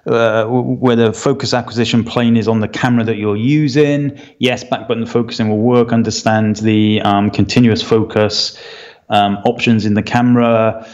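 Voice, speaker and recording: A man's voice: fairly low pitch, level tone, normal speed, a little mellow, muffled recording. A man co-hosting a photography podcast, explaining at length in casual chat with plenty of fillers and a firm opinion. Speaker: podcast co-host.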